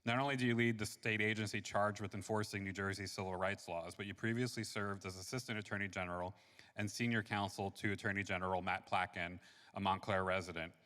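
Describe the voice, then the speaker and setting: A man's voice: on the low side, fairly even intonation, a little fast. A man hosting an event, reading a guest's bio with admiring asides. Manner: warm, admiring, reads then ad-libs. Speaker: event host. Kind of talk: reading an introduction. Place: church. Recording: reverberant church hall.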